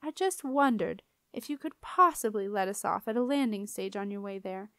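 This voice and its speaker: A woman's voice: mid-range voice, lively intonation, normal speed, a bit bright, smooth, no echo, studio quality. A woman as a curt, tired young woman. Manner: polite but curt.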